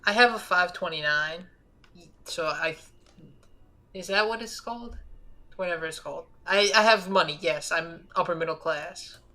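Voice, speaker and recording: A teenage male caller with a high, light voice often mistaken for a woman's, talking in an earnest, flustered way. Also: normal speed, sharp tone. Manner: nervous, earnest, easily flustered. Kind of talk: casual call-in chat.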